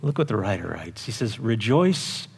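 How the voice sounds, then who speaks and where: A man's voice: on the low side, sing-song, normal speed, creaky, breathy edge. A man preaching a sermon in a conversational way, often asking the congregation questions. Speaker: pastor. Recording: long hall reverb.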